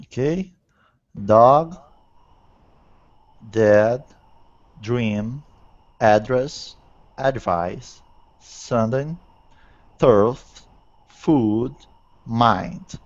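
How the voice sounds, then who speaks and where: Very slow, deliberate man on a call. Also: mid-range voice. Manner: very slow, deliberate word reading. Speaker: student. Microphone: video call. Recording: muffled lo-fi call audio.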